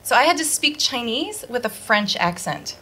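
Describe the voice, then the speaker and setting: A woman's voice: a little high, big pitch swings, moderate pace, pushed and bright. A woman from the US doing a casual, rambling stand-up set on a handheld mic, laughing at her own jokes. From Detroit, USA. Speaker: stand-up comedian. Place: bar with live audience. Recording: live club audience noise. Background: audience laughter.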